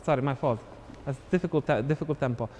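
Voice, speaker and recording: A man's voice: mid-range voice, fast talker, warm tone, big-room sound. A man teaching a live online dance class, counting beats and scatting the steps aloud as he demonstrates. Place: dance studio.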